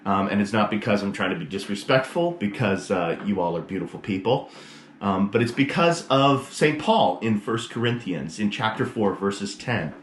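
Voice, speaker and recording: Priest guy telling a joke to his camera, easygoing and lively, roomy echo, faint hum behind. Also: lowish voice, normal speed. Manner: casual, animated storyteller. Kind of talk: short sermon and joke telling. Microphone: camera propped on a mug.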